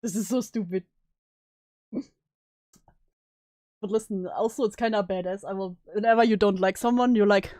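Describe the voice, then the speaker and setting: A woman's voice: medium pitch, steady tone, moderate pace, long pauses, darkish tone, dry recording. A woman streamer reacting to a video with joking, sarcastic asides. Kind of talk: casual reaction commentary.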